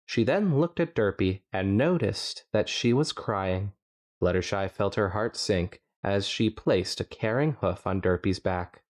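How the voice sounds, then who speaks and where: A man's voice: fairly low pitch, a little slow. A man co-hosting a podcast, reading fanfiction aloud with playful, jokey asides. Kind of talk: reading aloud with casual chat.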